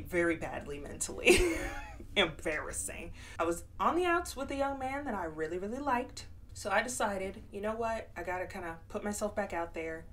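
Blunt, profane woman vlogger. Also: mid-range voice. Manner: switches between hushed and loud emphatic delivery. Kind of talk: candid personal storytelling and commentary.

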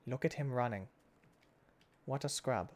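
Casting: man, gaming host, chatty play-by-play that jumps from yelps to near-whispers, average pitch. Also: unhurried. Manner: excitable, jumps between loud outbursts and hushed muttering. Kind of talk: casual let's-play commentary.

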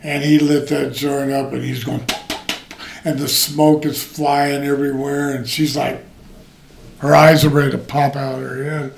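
A man's voice: medium pitch, little pitch movement, a little slow, gravelly. An older man, a retired wrestler, telling rambling and profane anecdotes in an interview. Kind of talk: shoot interview storytelling.

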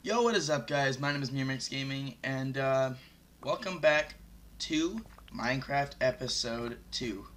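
A young man commentating his Minecraft let's-play, excitable and swearing loudly whenever he is in danger. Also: medium pitch, unhurried, over loud music. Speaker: gaming YouTuber.

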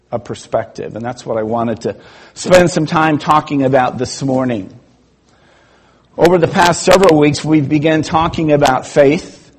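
A man preaching in a church with a rather high, husky voice. He takes his time, telling a story and giving the people in it their own lines, then drawing out the lesson in measured phrases. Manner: storytelling with acted-out quotes, slow and measured. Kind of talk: sermon.

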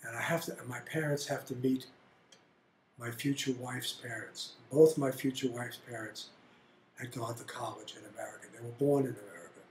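An older man telling family stories in an interview, blunt and animated. His voice sits at a medium pitch and rings in a roomy, echoey space. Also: moderate pace, a little hiss or hum. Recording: roomy echo.

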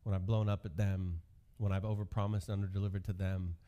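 A man's voice: sits low, flat delivery, fast, dark tone, highs cut off. A male pastor in his thirties giving a sermon, telling stories from his youth with self-deprecating humor.

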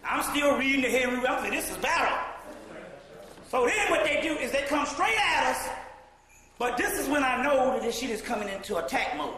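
Male lecturer, sharp bright tone, long hall reverb, loud profane storytelling. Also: extremely high pitch, fairly quick. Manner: animated, profane, bursts into shouting and laughter. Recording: echoey hall recording.

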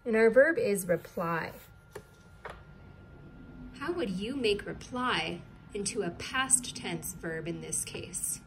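A woman teacher walks a class through a recorded distance-learning lesson at an unhurried pace. She spells words out letter by letter in a patient way, at a middle pitch, with a faint hiss behind her voice. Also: animated.

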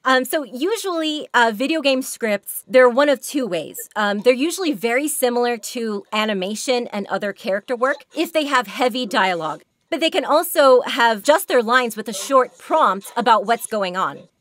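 A hoarse woman giving a chatty workshop talk on voice acting, laughing often as she goes. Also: on the high side, expressive, moderate pace, few pauses, fairly bright tone, no room sound. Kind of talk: workshop presentation.

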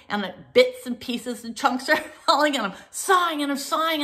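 A woman hosting a casual chat with her viewers, rambling and laughing often as she tells animated stories. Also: sits high, normal speed, hardly any pauses. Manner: animated storytelling. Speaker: host.

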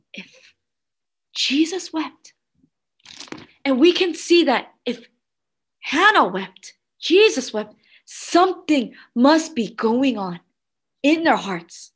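A woman children's pastor preaching to kids, animated and asking the room questions. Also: high-pitched, takes it slowly, long pauses. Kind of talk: children's sermon.

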